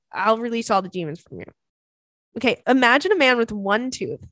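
A woman's voice: on the high side, a bit bright, no echo. A young woman hosting a podcast, reading out listener emails and chatting in a bubbly, crude, joking way, laughing often. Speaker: podcast host and stand-up comic.

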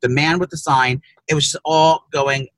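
A man co-hosting a comedy podcast, rambling through crude stories with loud, profane rants. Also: fairly high pitch, steady tone, normal speed, dry recording. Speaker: podcast co-host. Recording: distant from the mic.

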